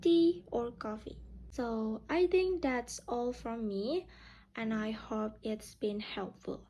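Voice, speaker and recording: A woman teaching pronunciation, explaining slowly and modeling example phrases with exaggerated rises and falls. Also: fairly high pitch, expressive, a little mellow. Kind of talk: slow, careful classroom explanation.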